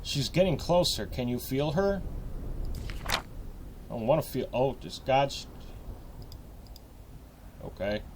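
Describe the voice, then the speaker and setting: A man talks through a horror game playthrough over loud game music and a noisy background, speaking to the ghost in a jittery way and repeating nervous phrases. His medium-pitched voice is animated yet slow, with long pauses.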